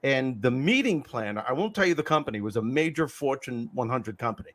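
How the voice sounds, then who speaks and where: A man's voice: mid-range voice, expressive, fairly quick. A man hosting a podcast conversation, telling stories with emphasis. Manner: emphatic storyteller. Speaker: host.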